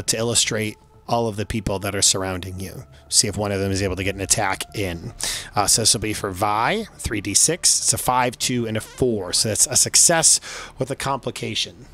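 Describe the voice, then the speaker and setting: A man's voice: fairly low pitch, normal speed, fairly bright tone. A man running a tabletop game as game master, loose and chatty with lots of fillers. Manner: loose and chatty, many fillers, laughs often.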